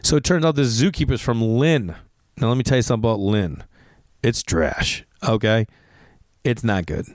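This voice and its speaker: A man's voice: mid-range voice, normal speed, no echo. Man, Boston accent, comic podcast host, rambling, swearing, filler-heavy, dry close sound. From Massachusetts. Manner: rambling, profane, many "like" fillers. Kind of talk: casual storytelling. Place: garage.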